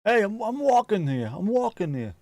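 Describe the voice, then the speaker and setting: A man's voice: sits high, sing-song, moderate pace, a little mellow, no room sound, voice pushed up. A man voicing a brash, wisecracking New York tough guy, with a put-on New York accent that carries a Liverpool edge.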